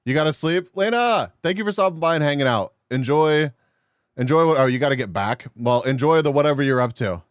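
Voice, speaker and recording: A man's voice: fairly high pitch, expressive, a little fast, clear, resonant tone, dry recording, clean studio sound. A man live-streaming and chatting casually with his viewers, making crude jokes and laughing often.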